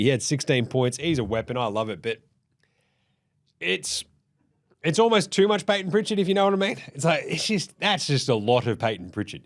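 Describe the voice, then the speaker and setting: A man hosting a casual, sweary sports recap. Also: a little high. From Australia. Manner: sweary, blunt, animated. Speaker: host.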